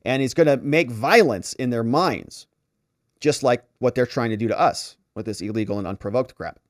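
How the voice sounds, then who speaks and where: A male lawyer giving an animated trial recap, acting out the exchanges as he tells them. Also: mid-range voice, normal speed, no room sound, studio quality. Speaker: lawyer and commentator.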